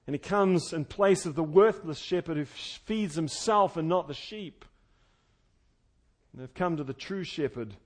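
A man preaching an expository sermon, earnest and conversational, swinging between loud fervent emphasis and quiet intimate tones. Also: fairly high pitch, unhurried. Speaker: pastor.

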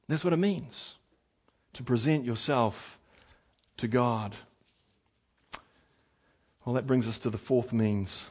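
A man preaching a sermon, animated and emphatic, moving between quiet asides and loud, lively passages. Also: mid-range voice, slow pace, pauses often, husky. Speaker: pastor.

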